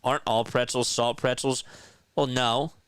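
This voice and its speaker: A man streaming live play-by-play of a ball game, chatting with viewers between pitches and getting excited on big hits. He sounds tired and yawns now and then. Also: normal speed, clean tone, no room sound. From South Jersey, US. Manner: chatty, reads viewer comments aloud, rises to excited calls on big plays. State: tired, yawning. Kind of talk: live fan play-by-play with chat reading.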